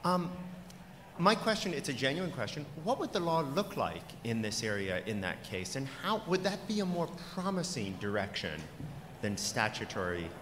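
A man in the audience of a conference hall poses a long, winding question, halting often with fillers. The hall gives his voice a long reverb. Steady background noise sits beneath him. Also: mid-range voice. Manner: hesitant, many fillers, rising emphasis. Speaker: law professor asking an audience question. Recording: echoey hall with audible noise.

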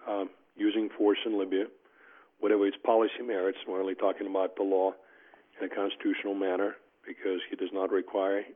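A man presenting a legal argument as a panelist, emphatic and peppered with uh and um fillers. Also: lowish voice. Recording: tinny phone-like line.

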